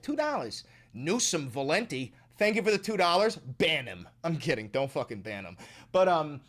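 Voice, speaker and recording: Guy ranting on his politics show, lots of swearing and sarcasm, really lively up-and-down voice. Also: fairly high pitch. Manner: profane, sarcastic, mocking. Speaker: political commentary host.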